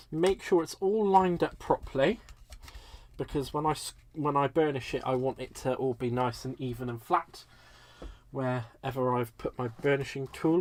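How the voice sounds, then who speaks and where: A man's voice: mid-range voice, a little hiss or hum. A British man hosting a live crafting tutorial in a chatty way, talking viewers through each step while a bit stuffy from a cold. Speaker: crafting livestream host.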